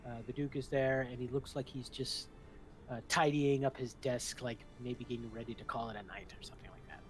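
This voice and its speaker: A man narrating as game master, telling the story in a relaxed way with fillers and restarts. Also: medium pitch, brisk, soft background music.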